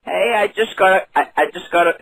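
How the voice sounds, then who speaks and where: A quavering old lady, as a man puts her on for a prank call, her voice raspy and breathy with fry. Her pitch wanders up and down as she stammers, loses her thread and asks people to speak louder. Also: dry recording, heavily acted, poor audio. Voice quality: quavering, creaky. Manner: rambling, halting, mishears. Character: confused frail old woman on the phone. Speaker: prank caller.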